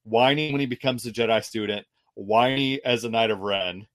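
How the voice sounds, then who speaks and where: A man in casual conversation with a middle-pitched voice. He rambles and stays animated, piling on fillers and restarts as he goes. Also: moderate pace. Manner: rambling, animated, quotes characters in put-on voices. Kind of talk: casual chat.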